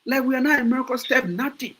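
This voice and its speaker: A man's voice: very high-pitched, fast, a bit bright, slight background noise, low-quality recording. Fired-up Liberian man with rhetorical questions. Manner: passionate, repeats words and restarts, asks rhetorical questions. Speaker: podcast host. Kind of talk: casual opinion talk.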